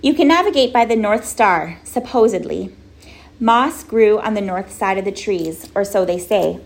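A woman narrating a children's storybook in a gentle, wry way. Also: mid-range voice, animated, moderate pace, vocal fry. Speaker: audiobook narrator.

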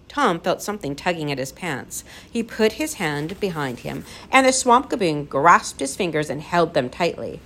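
Expressive woman reading a storybook. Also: fairly low pitch, moderate pace, hardly any pauses. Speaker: narrator. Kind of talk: storybook narration.

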